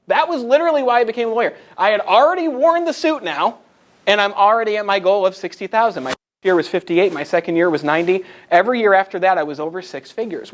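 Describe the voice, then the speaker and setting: A man in his twenties giving a live motivational presentation to a group, telling stories with lively asides to the audience. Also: high voice. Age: 20s. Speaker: motivational speaker. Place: meeting room in front of a live group.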